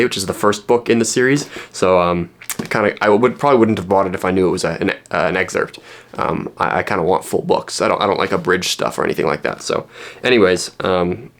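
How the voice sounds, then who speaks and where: A young man from Canada casually talking through his books in a vlog, rambling with lots of ums and restarts. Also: sits low. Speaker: book vlogger. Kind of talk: casual spoken book vlog. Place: at home in fading daylight.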